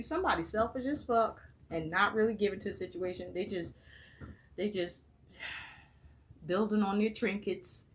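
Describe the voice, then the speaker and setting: A woman's voice: medium pitch, slight background noise. A woman giving a tarot reading in a casual, profane and emphatic way, speaking straight to the viewer. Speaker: tarot reader.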